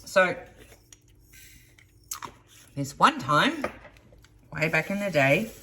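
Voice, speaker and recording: A woman's voice: on the low side, sing-song, extremely slow, pushed and bright, a little hiss or hum. A woman hosting a crafting channel, telling stories in a chatty, rambling way with many asides. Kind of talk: casual storytelling to camera.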